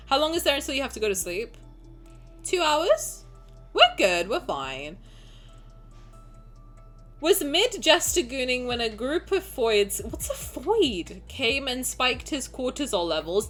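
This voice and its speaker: A woman's voice: mid-range voice, a bit bright. A young woman streaming live, reading chat messages aloud and reacting with swearing and frequent laughter.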